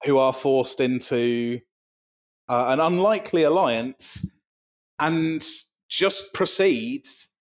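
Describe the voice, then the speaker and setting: A man in loose podcast banter, speaking at an ordinary pitch. He sounds dry and deadpan and lingers on grisly detail with understatement. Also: slow. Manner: dry, deadpan delivery with vivid gory imagery. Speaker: podcast co-host. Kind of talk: casual comedic chat.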